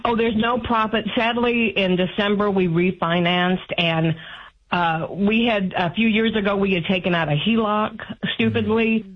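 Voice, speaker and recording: A woman's voice: mid-range voice, steady tone, normal speed. A woman in her fifties calling in to an advice show, talking anxiously and rambling with restarts. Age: 50s. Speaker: caller. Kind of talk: call-in advice conversation. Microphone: phone line. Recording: muffled phone call audio.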